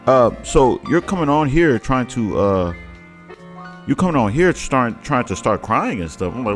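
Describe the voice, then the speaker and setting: Mocking reaction host man, lively pitch. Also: normal speed, soft background music. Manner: mocking, sing-song, stammering restarts. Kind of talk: casual mocking commentary.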